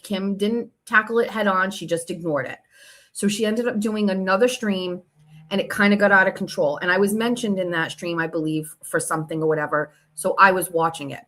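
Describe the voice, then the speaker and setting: A woman's voice: medium pitch, a bit bright. A woman host giving heated, profane commentary while reading out text messages. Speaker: show host.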